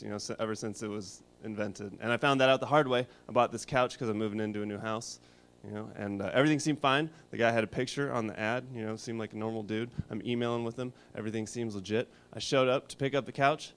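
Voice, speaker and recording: Rambling deadpan comedian guy. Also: mid-range voice, quick pace, hardly any pauses, clear, resonant tone. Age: 30s. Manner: deadpan, rambling, shouts voices for bits. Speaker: stand-up comedian. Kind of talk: stand-up comedy set.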